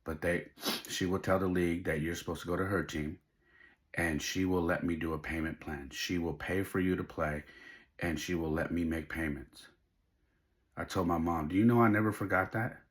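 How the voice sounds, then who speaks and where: Sitting low in pitch, his voice stays flat as he talks at a normal speed. The middle-aged man hosts a podcast and recounts a personal story with heartfelt, faith-driven emotion.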